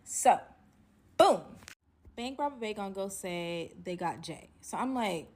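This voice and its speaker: A woman's voice: mid-range voice, unhurried. Chatty young woman telling a story. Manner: animated, chatty, addresses viewers as "y'all", heavy "like" fillers. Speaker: storytelling vlogger. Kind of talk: casual storytime narration.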